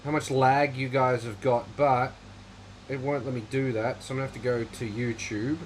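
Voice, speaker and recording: A man's voice: mid-range voice, level tone, moderate pace, slight background noise, poor audio. A man hosting a casual livestream chat, rambling in a dry, offhand way while reading viewer comments. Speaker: livestream host.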